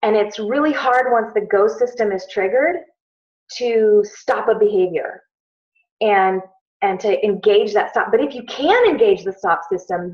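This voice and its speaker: A woman's voice: mid-range voice, a little mellow. A middle-aged woman talking casually to her team, telling a story with many fillers and restarts. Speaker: team leader on a call. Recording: muffled lo-fi call audio.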